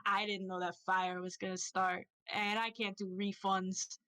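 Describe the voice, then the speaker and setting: A woman voicing a loud, obnoxious young emo bat man with an attempted New Jersey accent, talking brash and slangy. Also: mid-range voice, level tone, normal speed, clean tone, natural voice. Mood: breezy.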